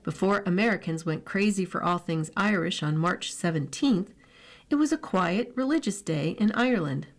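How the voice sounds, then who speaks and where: A woman reading newspaper opinion pieces aloud for a radio reading service, at a steady, measured pace. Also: fairly low pitch.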